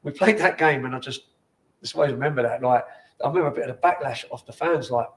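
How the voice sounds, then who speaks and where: A man's voice: medium pitch, quick pace. A man in his forties, a former footballer, telling rambling, sweary stories in a casual interview in a bar.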